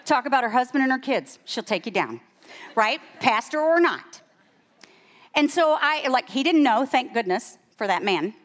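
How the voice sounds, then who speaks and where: A woman in her forties or fifties preaching a sermon as a guest speaker, telling a personal story with animated, emphatic rises in her voice. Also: normal speed. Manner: animated, rising to high emphatic peaks. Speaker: guest speaker and women's Bible teacher.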